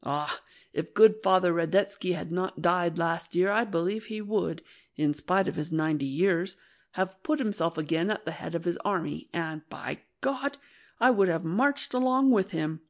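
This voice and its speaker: A woman reading an audiobook, voicing a blustering old male general who talks in a gruff, boastful, scornful way. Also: lowish voice, moderate pace, close to an everyday voice. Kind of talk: audiobook narration.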